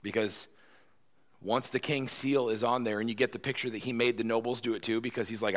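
A man's voice: medium pitch, fairly even intonation, a little fast, fairly bright tone. A male pastor giving a conversational sermon, retelling a story and often checking in with "right?".

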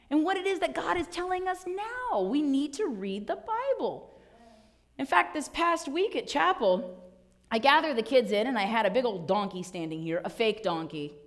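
A woman pastor preaching a sermon, telling a story playfully and acting out little voices in the quotes. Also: fairly high pitch.

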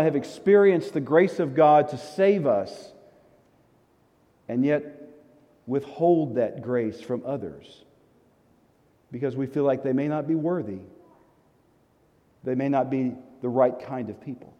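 A man's voice: mid-range voice, highs cut off. Man preaching in a reverberant hall. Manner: animated storytelling with emphatic repetitions. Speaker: pastor. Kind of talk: sermon. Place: church sanctuary in a desert city. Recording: long reverb of a large hall.

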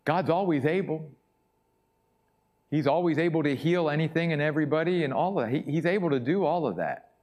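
A man's voice: a little high, animated, quick pace, darkish tone. A man preaching a sermon as pastor, emphatic and repeating his key points for weight.

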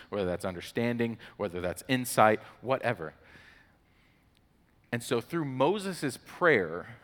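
A man preaching a casual, conversational sermon, relaxed and chatty with storytelling asides. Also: medium pitch. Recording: long hall reverb.

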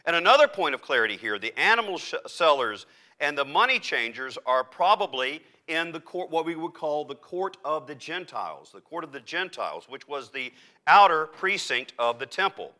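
Male pastor, fairly high, bright voice, emphatic sermon delivery with dramatic pauses. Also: big pitch swings. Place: church.

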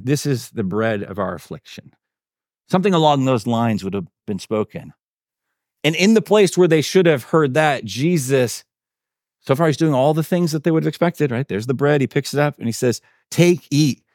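Relaxed pastor with a dry, close sound. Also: male voice, medium pitch, normal speed, no echo. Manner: casual, filler-heavy, checks in with listeners. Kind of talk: conversational sermon.

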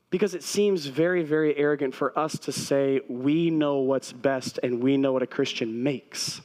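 A man preaching a sermon to a congregation in a conversational, direct way, repeating key phrases and turning to the listeners with asides. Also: fairly high pitch. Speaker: pastor.

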